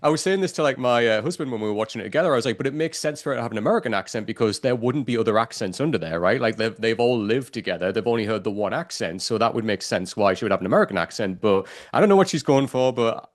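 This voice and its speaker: Fast-talking chatty male podcast host. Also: mid-range voice. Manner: chatty, animated, says "like" often. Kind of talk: casual chat.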